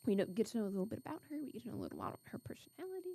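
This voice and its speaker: A woman's voice: fairly high pitch, huge pitch swings, very fast, mellow, breathy edge, dry recording. A young woman co-hosting a casual podcast chat, thinking aloud with frequent restarts. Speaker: co-host.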